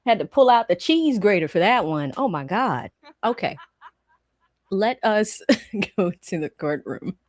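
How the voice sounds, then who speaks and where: A woman's voice: mid-range voice, no room sound, clean studio sound. A woman hosting a live stream, chatting casually and profanely, rambling through anecdotes before turning to trial commentary.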